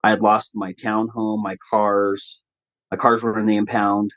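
A man as an interview guest, telling his own story earnestly in a conversational way and getting animated when he quotes others. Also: on the low side, measured pace, dry recording, muffled recording.

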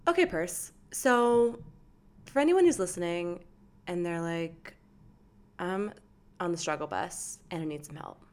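A woman's voice: on the low side, expressive, a little slow, pauses often. A young woman co-hosting a podcast, chatting casually in an affectionate, emotional way and saying "like" often. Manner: warm, affectionate, emotional, peppered with "like". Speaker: podcast co-host.

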